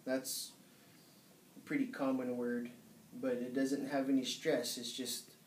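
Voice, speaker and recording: A man giving a casual spoken language lesson, explaining in a relaxed way with some hesitations. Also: mid-range voice, measured pace, slight background noise. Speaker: language teacher. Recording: echoey room, mic at a distance.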